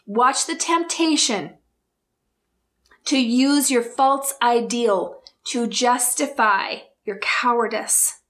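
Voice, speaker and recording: A woman with a fairly high voice hosts her own podcast, speaking earnestly and with open emotion. She talks in slow, emphatic bursts and asks her listeners one rhetorical question after another. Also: a bit bright. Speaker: podcast host. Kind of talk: heartfelt solo podcast talk.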